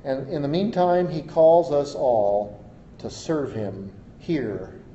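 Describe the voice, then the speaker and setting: Warm-voiced pastor preaching in an echoey church. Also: male voice, fairly high pitch, slow. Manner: conversational, repeats words, wry humor. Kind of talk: sermon. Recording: echoey, dull, faint hiss.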